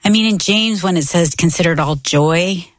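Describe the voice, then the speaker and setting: A woman's voice: on the low side, normal speed, dry recording, clean studio sound. A woman co-hosting a faith and parenting podcast, talking in an encouraging way and quoting scripture. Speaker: co-host. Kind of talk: casual podcast chat.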